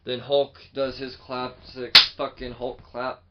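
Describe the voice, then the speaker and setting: A man co-hosting a comics podcast in loose, casual chat. He talks animatedly, swears often and jumps into quick put-on quotes. His voice sits at a middling pitch, and the recording sounds a little dull and lo-fi. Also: monotone. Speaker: podcast co-host.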